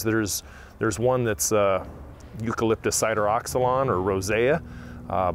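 A man's voice: fairly low pitch, slight background noise. A man hosting a landscaping vlog, chatting folksy and casual outdoors at a plant nursery. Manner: folksy, chatty, with frequent fillers. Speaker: landscaping channel host.

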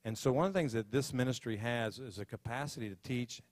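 A man's voice: mid-range voice, quick pace, dry recording. A man, a pastor introducing a guest speaker and praying over her with rising fervor. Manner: fervent, rising prayer. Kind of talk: sermon introduction and prayer. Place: church sanctuary.

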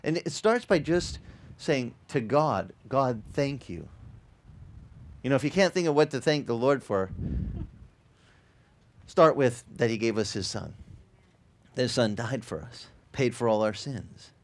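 A middle-aged man preaching a casual sermon as pastor, telling stories with lively, acted-out quotes and frequent repeated words. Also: medium pitch, measured pace, long pauses. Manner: animated, acts out quoted voices, repeats words. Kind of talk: conversational sermon with storytelling. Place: church in Hawaii.

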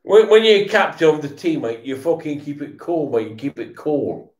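A man's voice: a little high, very animated, moderate pace, darkish tone. Tipsy swearing man, echoey room. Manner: swearing, repetitive, stammering restarts. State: tipsy from beer. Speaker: vlogger watching football. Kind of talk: casual live-watch rant.

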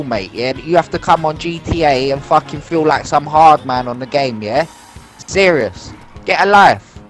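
An angry gamer hurls insults over voice chat, ranting and swearing without pause. His voice runs somewhat high for a man. Faint music plays in the background. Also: fairly bright tone. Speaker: angry online game player. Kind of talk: heated voice chat.

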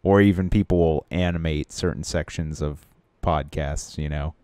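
A man's voice: extremely low pitch, steady tone, moderate pace, a little mellow, smooth, no room sound, studio quality. A man co-hosting a podcast, chatting casually and easygoing, often trailing off and restarting his sentences. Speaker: podcast co-host. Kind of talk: casual chat.

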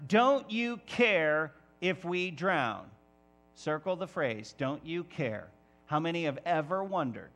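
A man preaching a sermon as pastor of a church, lively and emphatic, sometimes rising to near-shouts. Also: high-pitched.

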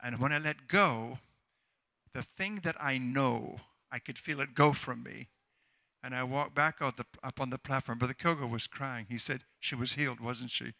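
At a moderate pace, this older traveling preacher's creaky, sharp, medium-pitched voice carries a healing testimony in a church sermon. What begins as a story builds into passionate exhortation aimed at the congregation.

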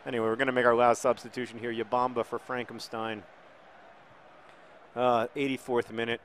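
A middle-aged man commentating on his own football video game, jokey and excitable, breaking into shouts at big moments. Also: medium pitch, a little fast, long pauses, a little hiss or hum.

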